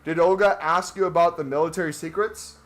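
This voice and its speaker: A man's voice: fairly high pitch, fairly even intonation, fairly quick. Rambling, joking male gaming streamer. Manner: talking while walking on a walking pad. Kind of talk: casual livestream chat while playing.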